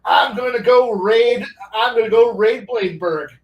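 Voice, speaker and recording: A man's voice: extremely high pitch, normal speed, echoey room, dull audio, pitched above the performer's own voice. A man voicing a boastful male red dragon who grumbles and swears, recorded from a distance. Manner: grumbling, profane.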